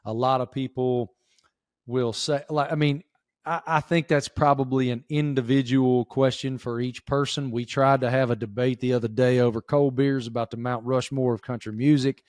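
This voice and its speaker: A middle-aged man with a Southern Appalachian accent, chatting as a podcast guest and telling stories in a lively, folksy way. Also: mid-range voice, normal speed, no room sound, clean studio sound. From southwestern Virginia. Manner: animated storyteller, folksy drawl. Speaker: guest, sports reporter. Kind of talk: casual podcast chat.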